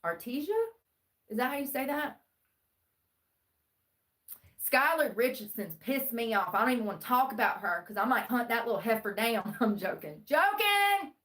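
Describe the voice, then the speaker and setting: A woman's voice: fairly high pitch, fairly quick, a bit bright. A woman livestreaming true-crime commentary, rambling and sarcastic as she reads the news aloud. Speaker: live streamer.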